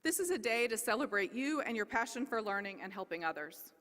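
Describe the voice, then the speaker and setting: Woman dean, bright and crisp voice, formal introduction, lots of hall reverb. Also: fairly high pitch, very animated, fairly quick. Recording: long reverb of a large hall.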